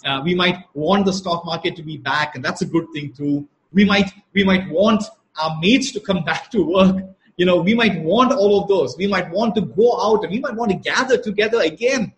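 A man preaching a sermon at a slow, emphatic pace, repeating key phrases for weight. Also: sits high, low-quality recording. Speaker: pastor.

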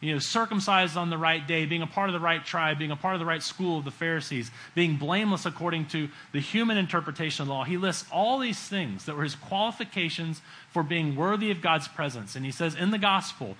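A middle-aged man preaching a sermon in a conversational way, acting out quotes and swinging between loud bursts and hushed lines. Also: fairly high pitch, fairly quick, poor audio.

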